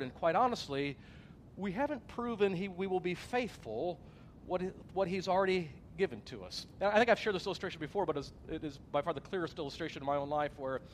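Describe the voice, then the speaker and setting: A male pastor preaching a sermon in a plain, conversational way, earnest and personal. His voice sits a little higher than most men's, and a faint hiss runs under it.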